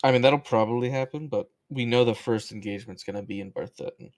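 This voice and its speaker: A man player in a tabletop game, measured as he plans aloud. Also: medium pitch, a little mellow, dry recording, studio quality. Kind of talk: casual tabletop game chat.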